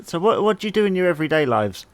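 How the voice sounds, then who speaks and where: A man's voice: fairly high pitch, sing-song, racing, dry recording. A man hosting a podcast interview, easygoing and curious, laughing along with his guests. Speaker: podcast host. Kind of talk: casual interview.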